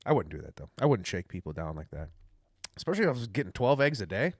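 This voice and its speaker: A man's voice: lowish voice, sing-song, fast talker, husky, dry recording, clean studio sound. A young man rambling casually through a livestream rant, loose, chatty and profane. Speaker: livestream host.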